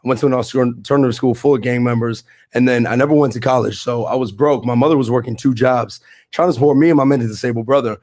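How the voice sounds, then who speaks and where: Fast-talking young man telling his story. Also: medium pitch, fairly even intonation, a little mellow, no echo. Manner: fast, emphatic, street slang. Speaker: podcast guest, real estate investor. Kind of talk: casual storytelling and explaining.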